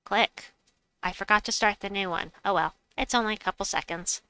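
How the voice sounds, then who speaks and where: A woman's voice: medium pitch, fast talker, bright, forceful tone, clean tone, no echo. A woman hosting a casual gaming livestream, chatty and playful, reading chat aloud and making silly noises. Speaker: livestream host.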